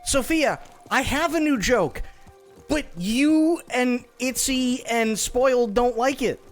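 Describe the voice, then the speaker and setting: A man's voice: extremely high pitch, takes it slowly, faint music behind. A young man streaming live, chatting casually and telling a joke in a playful way, laughing often and restarting his sentences. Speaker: livestreamer.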